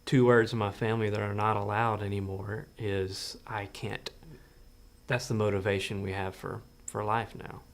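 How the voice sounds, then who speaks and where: A father telling his story in a reflective interview, halting and earnest with many restarts. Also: on the low side, little pitch movement.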